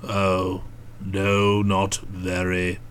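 A woman putting on a gruff, curt young gentleman. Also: rumbling low, completely flat delivery, very slow, voice pushed down, heavily acted. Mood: guarded. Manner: curt, guarded one-word replies. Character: gruff, touchy young Englishman, secretly engaged. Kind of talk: audiobook character voice.

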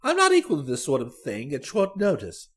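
A reader narrating a comic story as a young gentleman, in a dry, wry way. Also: mid-range voice, wildly swooping pitch, a little fast. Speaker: audiobook reader.

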